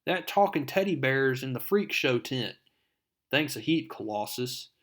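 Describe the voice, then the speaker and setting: A man voicing a loud, brash male circus thug who talks in slang. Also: medium pitch, animated, unhurried, close to an everyday voice.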